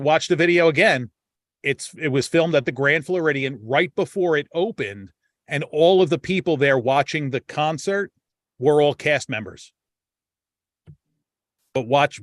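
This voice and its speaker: A man's voice: a little high, no echo. Guy hosting a podcast, rambly and cussing a lot, dry close sound. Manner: rambling, swears freely, many restarts. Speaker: podcast host. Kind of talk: casual chat.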